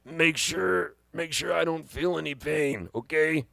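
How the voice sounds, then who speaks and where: A man voicing his frail, dying old father, speaking in a slow, wry, understated way. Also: on the high side, creaky, sharp tone, full character voice.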